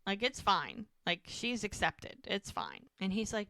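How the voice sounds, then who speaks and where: A woman's voice: medium pitch, wildly swooping pitch, measured pace, gravelly, bright, forceful tone, no room sound. A woman co-hosting a casual podcast, recapping a TV episode and acting out the characters' lines as she retells each scene. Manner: retells scenes with quoted dialogue. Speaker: podcast co-host.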